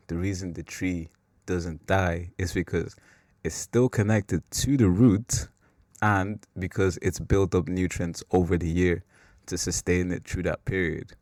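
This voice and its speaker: A man with a very low voice hosts a faith podcast in a relaxed, wandering way. He leans on "like" a lot and laughs at his own slips. The sound is close and dry. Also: dry recording. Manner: rambling and self-mocking, with filler "like". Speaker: podcast host. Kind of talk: casual faith talk.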